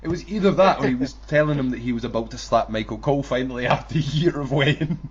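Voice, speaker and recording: A man's voice: mid-range voice, fast talker. A man, co-hosting a casual wrestling podcast, swearing and laughing as he mocks commentators. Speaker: podcast co-host. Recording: dull lo-fi audio with faint noise.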